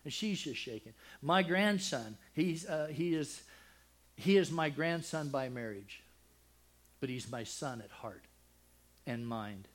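Older male preacher, hushed then rising. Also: animated, slow. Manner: emotional, swings from loud and high to hushed and soft; rambling with frequent restarts. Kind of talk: sermon with personal storytelling.

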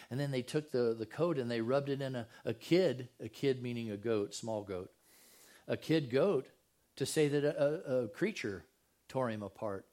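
A man's voice: mid-range voice, normal speed, a little mellow. An older man, preaching a sermon in a conversational way and often asking his listeners rhetorical questions. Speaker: pastor.

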